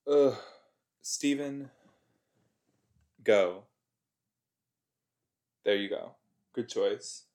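A man giving chatty, excitable reaction commentary as he watches a TV episode, gasping and exclaiming along. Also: mid-range voice, extremely slow, long pauses. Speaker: reaction video host.

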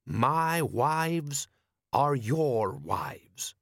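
A man putting on a slow, solemn desert wise man. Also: medium pitch, animated, gravelly, a bit bright, no echo, studio quality, voice pushed up, full character voice. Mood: stately. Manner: very slow, stately, measured phrasing. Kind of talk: audiobook character voice.

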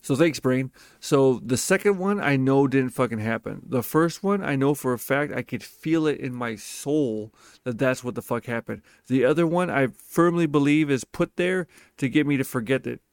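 A man's voice: mid-range voice, moderate pace, hardly any pauses, smooth, no echo, studio quality. A profane, emphatic man telling a story. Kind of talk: casual storytelling monologue.

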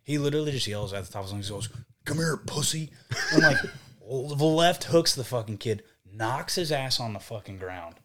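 A young man spins a wild tour story in loose, casual podcast talk. He swears constantly and jumps into voices to act out what everyone said. His pitch sits in an ordinary middle range. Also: fairly quick. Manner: profane, animated, acts out quotes. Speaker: podcast guest, band vocalist.

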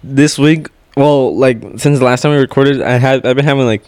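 A man's voice: mid-range voice, steady tone, a little fast, darkish tone, smooth, dry recording. A young man co-hosting a casual podcast, rambling with frequent restarts and laughter. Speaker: podcast co-host. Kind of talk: casual chat.

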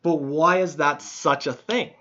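Bright-voiced man rambling on a lo-fi call. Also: fairly high pitch, steady tone, measured pace. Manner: rambling, profane, introspective storytelling. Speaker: podcast host. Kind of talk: casual podcast chat. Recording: dull lo-fi sound.

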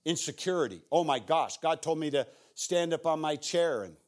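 A middle-aged man preaching as a guest speaker, telling stories in a conversational way that swings from hushed to intense. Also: a little high, animated, moderate pace. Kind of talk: storytelling sermon.

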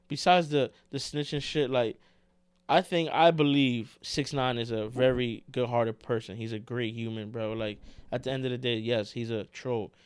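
A man co-hosting a casual podcast, talking in an animated, slangy way and saying "bro" a lot. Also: medium pitch, normal speed, clean tone, no room sound. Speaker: podcast co-host.

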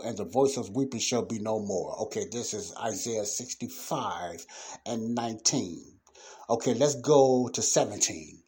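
A man's voice: fairly low pitch, warm tone, husky. A man preaching an informal Bible lesson, reading verses aloud and then explaining them in everyday speech with emphatic bursts. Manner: emphatic bursts and sudden exclamations.

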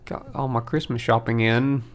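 A man's voice: mid-range voice, fairly even intonation, moderate pace. A young man in his twenties, co-hosting a podcast and chatting in a laid-back, rambling way. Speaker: podcast co-host. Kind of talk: casual chat.

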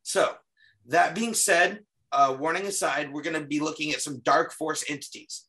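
An earnest man walks listeners through his paranormal case footage on a podcast. His voice sits a touch high and sounds bright, and it carries a faint wear, as if he has been talking all week. He often stops and restarts mid-sentence. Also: steady tone, moderate pace. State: slightly losing his voice. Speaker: paranormal investigator guest. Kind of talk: casual podcast presentation.

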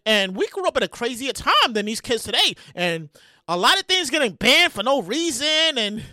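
A woman around forty hosting a podcast with animated solo commentary, loud and excitable, often yelling and swearing. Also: fairly high pitch, normal speed, dry recording, clean studio sound. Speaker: podcast host.

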